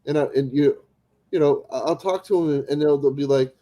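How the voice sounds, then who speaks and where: A man chatting casually on a livestream in an excitable, rambling way, cracking crude jokes and acting out phone calls. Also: a little high, fairly quick, poor audio. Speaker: streamer.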